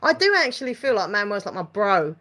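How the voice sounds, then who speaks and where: A woman's voice: medium pitch, big pitch swings, fairly quick, a bit bright. A woman with an Essex accent, hosting a casual live stream, rambling and reading out viewer comments. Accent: Essex English. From England.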